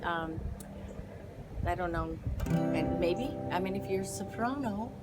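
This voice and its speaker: A woman's voice: lowish voice, takes it slowly. A woman giving a casual guitar lesson, explaining chords in a chatty, rambling way with plenty of fillers. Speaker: guitar teacher and singer. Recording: guitar playing behind her.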